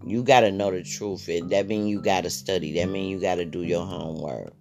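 A man's voice: sits low, fairly quick, vocal fry, music in the background. A man hosting a podcast, talking through a casual spiritual monologue in a blunt, profane way, often repeating his phrases. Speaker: podcast host.

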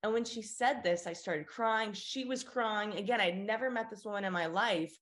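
A woman's voice: mid-range voice, moderate pace. A woman in her twenties from Florida, an interview guest earnestly telling a personal story and acting out the people in it. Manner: earnest, acts out quoted voices with lively shifts.

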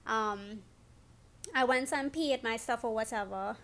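A young woman telling her story as a guest in a casual chat, animated and acting out what people said. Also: on the high side, measured pace. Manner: animated, acts out quotes, rises to squeals when excited.

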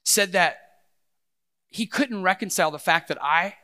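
A middle-aged man preaching a sermon as pastor, animated and swinging between loud passages and hushed ones. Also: sits high, measured pace.

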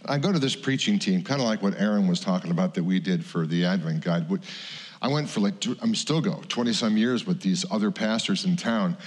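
A middle-aged man preaching in a church, telling a personal story in a conversational, animated way. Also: deep voice, brisk. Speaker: pastor. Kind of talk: sermon storytelling. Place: church sanctuary. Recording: church hall reverb.

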